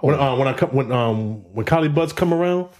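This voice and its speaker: Brief: thirties male co-host, blunt and emphatic, mid pitch, very animated delivery. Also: a little fast. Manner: emphatic, profane, stammering restarts. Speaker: podcast co-host. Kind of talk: casual chat.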